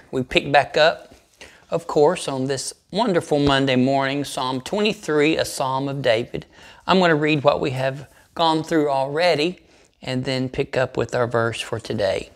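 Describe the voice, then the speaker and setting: A man leading a morning devotional as pastor, reading scripture slowly with deliberate emphasis. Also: medium pitch.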